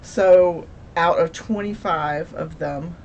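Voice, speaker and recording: A woman's voice: on the low side, takes it slowly, darkish tone, highs cut off, slight background noise. A woman co-hosting a podcast, chatting casually with wry, self-mocking humor. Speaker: podcast co-host. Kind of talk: casual chat.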